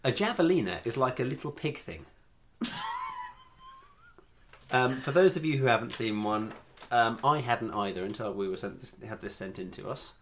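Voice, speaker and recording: An English man co-hosting a casual podcast chat, rambling and quick to laugh. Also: medium pitch, slight background noise. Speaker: podcast co-host.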